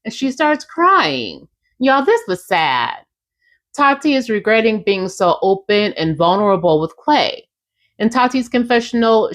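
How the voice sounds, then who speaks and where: Young woman chatting, sassy reality tv recap, mid pitch, talks right to the listeners. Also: fairly bright tone. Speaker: podcast host recapping a reality show. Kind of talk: casual recap, acting out quotes.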